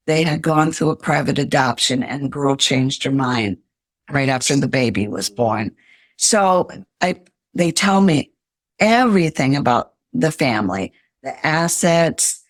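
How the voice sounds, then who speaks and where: A woman's voice: deep voice, animated, measured pace, dry recording, clean studio sound. An older woman, a podcast guest, earnestly telling her life story in an interview.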